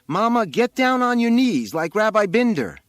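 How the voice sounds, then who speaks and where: Man voicing a high, shouting desperate boy. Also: big pitch swings, moderate pace, dry recording. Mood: shouting demands. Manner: shouting commands, high and loud. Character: desperate boy of thirteen on a roof.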